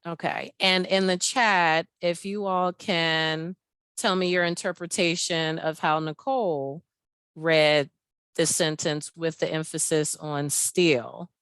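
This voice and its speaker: A woman's voice: sits low, steady tone, slow pace, fairly bright tone, clean tone, no room sound. A woman presenting a training webinar over a video call, explaining an exercise step by step and laughing often.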